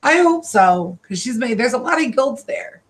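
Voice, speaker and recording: A woman doing a live-streamed psychic reading from her own room. She talks haltingly and emotionally and repeats herself often. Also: fairly high pitch, sing-song, a little hiss or hum. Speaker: psychic card reader.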